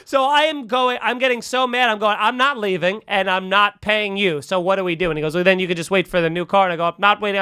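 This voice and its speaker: Bright-voiced man telling a story. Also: high-pitched, clear, resonant tone, dry recording, clean studio sound. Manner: animated, acts out both sides of a quarrel, swears. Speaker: podcast host. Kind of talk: casual storytelling chat.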